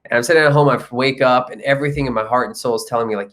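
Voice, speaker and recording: Animated young man telling a story. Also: mid-range voice, quick pace. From India. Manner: animated storyteller acting out quoted people. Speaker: guest, comedian and actor. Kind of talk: casual storytelling interview.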